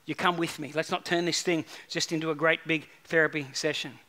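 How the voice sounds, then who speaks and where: A man preaching a sermon in an animated way, with repeated phrases and acted-out quotes. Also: on the high side, fairly quick. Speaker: pastor.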